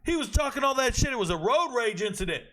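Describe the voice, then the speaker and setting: A young man hosting a fight prediction talk, brash and animated, full of slang and trash talk. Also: extremely high pitch, quick pace. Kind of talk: casual sports commentary.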